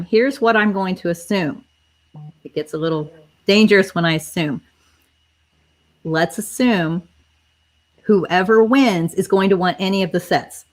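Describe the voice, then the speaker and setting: A woman hosting a live online stream, chatting casually and speaking directly to her viewers as she runs a giveaway. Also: lowish voice. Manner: chatty, addresses viewers directly, spells things out. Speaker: livestream host running a giveaway.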